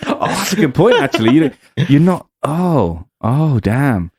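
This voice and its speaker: A young man co-hosting a podcast, giggling and reasoning through silly ideas out loud. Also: fairly high pitch, big pitch swings, a little slow, breathy edge, dry recording, studio quality. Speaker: podcast co-host. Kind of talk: crude comedic banter.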